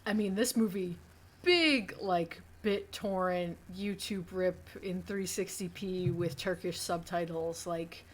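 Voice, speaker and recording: A young woman co-hosting a podcast in easygoing conversation, her voice sitting somewhat low. She rambles through her points with plenty of fillers and restarts. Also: slow pace, slight background noise. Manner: chatty, rambling, many fillers. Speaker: podcast co-host. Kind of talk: casual chat.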